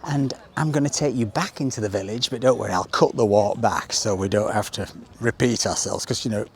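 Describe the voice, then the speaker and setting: A man's voice: lowish voice, a little fast. A man hosting a walking tour, chatting in a wry, self-mocking way while walking outdoors with a handheld camera. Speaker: vlogger, tour host. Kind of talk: casual walking-tour narration and chat. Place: outdoors in a seaside village street. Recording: outdoor street noise.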